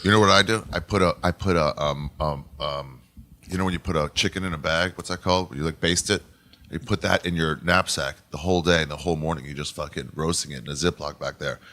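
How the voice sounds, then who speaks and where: A man hosting a podcast, chatting in a relaxed, joking way. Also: very deep voice, fast talker. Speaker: podcast host. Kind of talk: casual chat.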